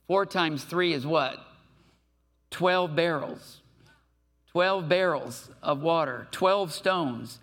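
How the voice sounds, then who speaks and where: A man preaching a sermon to his church, reading scripture aloud and breaking off with lively asides. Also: a little high, takes it slowly. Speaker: pastor.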